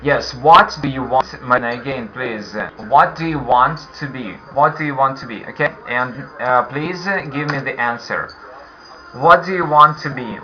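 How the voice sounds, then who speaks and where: Russian guy teaching english online, real slow, bright voice, muffled call audio. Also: mid-range voice. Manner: slow, patient, repeats questions to learners. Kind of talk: online beginner English class.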